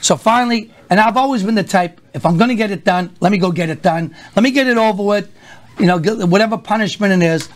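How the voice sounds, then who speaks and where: An older comedian with a Boston accent spins a story on a talk show, animated, slipping into the voices of the people he describes. His voice sits a little high for a man. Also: fast talker. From Boston area, USA. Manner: animated anecdotes with acted-out voices. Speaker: stand-up comedian guest.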